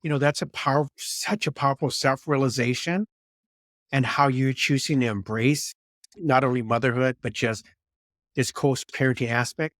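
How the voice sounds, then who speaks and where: A man hosting a podcast, asking reflective questions in a measured way. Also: mid-range voice, fairly even intonation, a bit bright, dry recording, studio quality. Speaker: podcast host. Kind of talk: interviewing.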